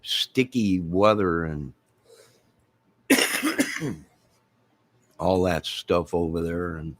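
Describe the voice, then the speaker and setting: Easygoing stream host, middle-aged man, low voice, drawn-out jokey rambling. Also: lively intonation, fairly bright tone, dry recording. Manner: rambling, joking, drawling. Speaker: livestream host. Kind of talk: casual chat with live viewers.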